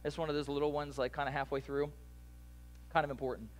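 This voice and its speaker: A pastor preaching a sermon in a relaxed, conversational way, with asides and quick jokes to the congregation. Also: male voice, a little high.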